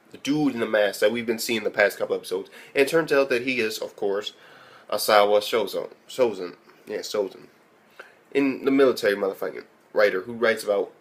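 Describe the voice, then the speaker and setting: A man recapping an anime episode in a casual, profane way, often incredulous and laughing as he retells it. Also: mid-range voice. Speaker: anime reviewer.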